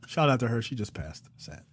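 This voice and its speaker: A man's voice: mid-range voice, big pitch swings, normal speed, dry recording, studio quality. A man co-hosting a film review podcast in loose, profane casual chat, laughing and acting out lines from the show. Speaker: podcast co-host.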